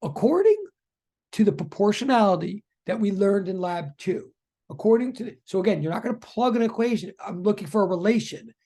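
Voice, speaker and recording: During a live online physics lecture, the teacher talks a little fast in a mid-range voice. The tone stays chatty and excitable, frequently echoing students' questions from the chat.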